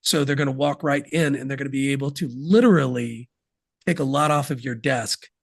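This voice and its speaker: A man's voice: mid-range voice, a little fast, gravelly, dry recording, studio quality. A man guesting on a podcast interview, talking about business systems in an emphatic, folksy way with sports analogies.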